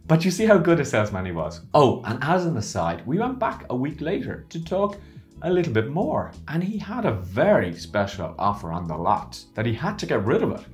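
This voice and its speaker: A man coaching about business who talks casually to camera and acts out his stories with theatrical flair. His pitch swings widely as he talks. Soft music plays in the background. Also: fairly quick. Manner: animated, theatrical storytelling. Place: lives in Barcelona.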